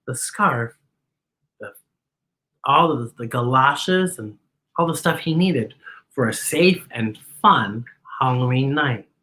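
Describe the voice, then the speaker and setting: Bright, animated woman reading to kids. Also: on the low side. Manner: animated, exclamatory, talks to kids directly. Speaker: children's storytime host. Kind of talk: picture book read-aloud.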